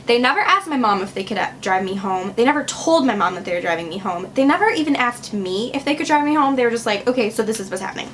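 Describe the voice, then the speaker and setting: A woman's voice: on the high side, animated, quick pace, hardly any pauses, fairly bright tone, a little hiss or hum. A young woman from Wisconsin telling a personal storytime on her vlog, chatty and sarcastic, full of "like" fillers. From Wisconsin, USA. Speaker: vlogger.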